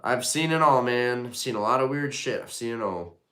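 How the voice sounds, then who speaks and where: A man's voice: mid-range voice, animated, fairly quick, fairly bright tone. A man hosting a casual live stream, rambling and swearing freely as he answers chat comments.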